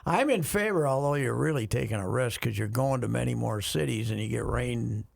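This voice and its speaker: A man co-hosting a casual sports talk show, ranting with exasperated loud outbursts. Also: medium pitch, expressive, fairly quick, vocal fry. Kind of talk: casual radio chat.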